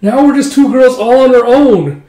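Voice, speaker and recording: A man voicing tearful young twin brides with a high, whiny, teary voice. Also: moderate pace, dark tone. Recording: roomy echo.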